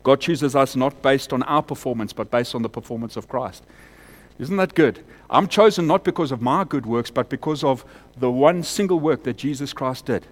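Delivering a church sermon at a moderate pace, this man speaks in a mid-range voice. His preaching swells to loud, emphatic highs before falling to hushed, intimate appeals.

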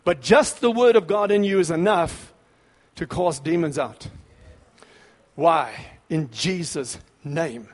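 A man preaching a sermon with fervent, emphatic bursts, then dropping into quieter scripture reading. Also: on the high side, takes it slowly. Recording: long reverb of a large hall.

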